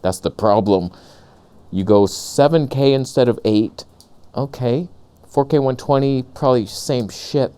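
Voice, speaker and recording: A man ranting sarcastically in a comedic vlog, outdoors on a lavalier mic, jumping between high mocking voices and low grumbles. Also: a little slow, dark tone, clean tone. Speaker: camera vlogger.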